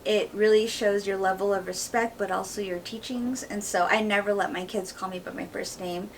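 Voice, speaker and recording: A woman's voice: medium pitch, steady tone, normal speed, distant mic, slight background noise, low-quality recording. A woman co-hosting a podcast, speaking candidly and firmly in casual conversation, with frequent fillers. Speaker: podcast co-host.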